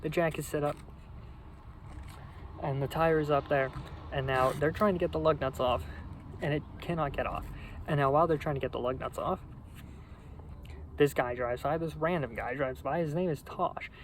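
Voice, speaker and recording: A man's voice: on the high side, normal speed, pauses often, slight background noise, low-quality recording. Young man telling a rambling funny story. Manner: rambling, deadpan, profane. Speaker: vlogger. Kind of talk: casual comedic storytelling.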